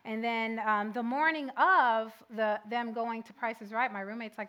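A young woman preaching a sermon, telling a personal story with lively swings between loud and soft. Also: on the high side, moderate pace.

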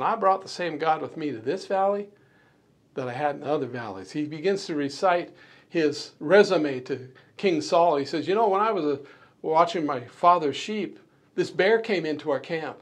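A man delivers a sermon in a fairly high voice. He preaches emphatically, racing through some phrases and drawing others out slowly for weight, often restarting his words mid-sentence. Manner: emphatic preaching, quick bursts and slow stresses, many restarts. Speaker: pastor.

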